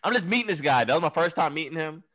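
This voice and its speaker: A man's voice: on the high side, animated, racing, over a noisy crowd. Slangy young man telling a story. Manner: laid-back slangy storyteller, says "dog" constantly. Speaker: podcast co-host. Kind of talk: casual podcast storytelling.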